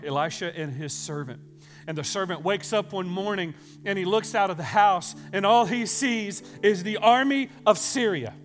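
Male pastor, higher-pitched, dramatic storyteller, church music playing beneath the sermon. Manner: dramatic retelling, swings from hushed to loud and fervent.

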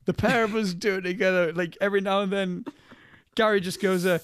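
A man's voice: high-pitched, a little fast, clean tone. A man co-hosting a podcast, chatting casually and animatedly about films and cracking jokes. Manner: animated, jokey, slips into film-quote impressions. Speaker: podcast co-host. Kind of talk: casual film chat.

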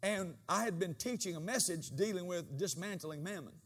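A man with a high voice for a man preaches a sermon. His delivery swings from quiet, low asides to loud, ringing bursts. He acts out quoted dialogue in changed voices. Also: animated, moderate pace. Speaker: pastor.

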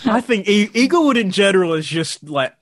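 A man's voice: sits high, sing-song, a little fast, dry recording, clean studio sound. A man co-hosting a casual film-discussion podcast, making brief, wry quips. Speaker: podcast co-host.

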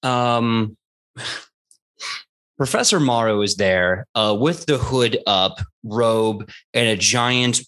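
A man's voice: mid-range voice, slow pace, a bit bright. Rambling male game master. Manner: loose, rambling descriptions with fillers. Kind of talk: narrating a tabletop game.

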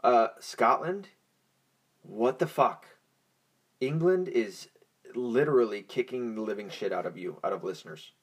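A man's voice: mid-range voice, lively intonation, a little slow, pauses often, breathy edge. A young man hosting a podcast in a casual, profane, rambling monologue, stoned and easily distracted. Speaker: podcast host.

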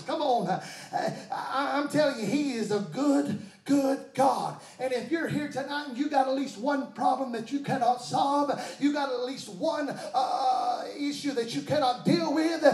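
A pastor preaching a sermon in a church. He calls out to the congregation and breaks into shouts. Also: very high voice, a little slow. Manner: call-and-response preaching with shouted bursts. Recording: echoey church hall.

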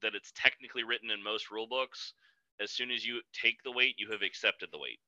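A man's voice: on the low side, fairly even intonation, fairly quick, pushed and bright, no room sound, lo-fi sound. A man co-hosting a casual podcast, talking bluntly and emphatically with some profanity. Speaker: podcast co-host, powerlifting coach.

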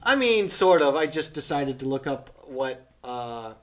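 A man in his late twenties co-hosting a podcast, rambling in a relaxed way and swearing often. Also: mid-range voice, measured pace. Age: 20s. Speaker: podcast co-host. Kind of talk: casual chat.

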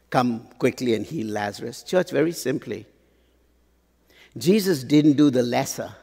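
Gravelly slow-preaching man in a reverberant hall. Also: fairly high pitch, darkish tone. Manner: dramatic pauses, rhetorical questions to the congregation. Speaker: pastor. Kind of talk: sermon. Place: large church hall.

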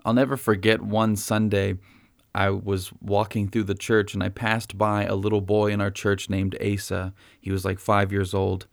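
A man's voice: on the low side, fairly even intonation, measured pace, vocal fry, no echo, clean studio sound. A man preaching a sermon as a pastor, in a conversational way that keeps checking in with listeners. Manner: conversational preaching, frequent "right?".

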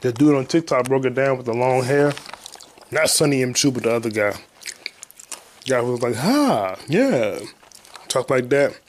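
A man hosting a solo podcast, a comedian ranting casually and profanely, with sudden loud outbursts. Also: mid-range voice, expressive, moderate pace, pauses often, a little hiss or hum. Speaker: podcast host and stand-up comedian.

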